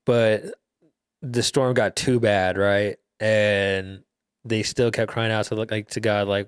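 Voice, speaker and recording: A man's voice: fairly low pitch, level tone, unhurried, clear, resonant tone, dry recording, studio quality. A young man hosting a podcast, casually retelling a Bible story in loose slang with laughs and fillers. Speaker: podcast host.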